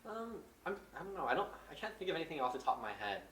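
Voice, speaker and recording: A woman's voice: deep voice, very animated, rapid-fire, a bit bright, a little hiss or hum. A woman co-hosting a podcast in casual chat, mostly giving short agreeing replies and thinking aloud. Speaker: podcast co-host. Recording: roomy echo, a bit distant.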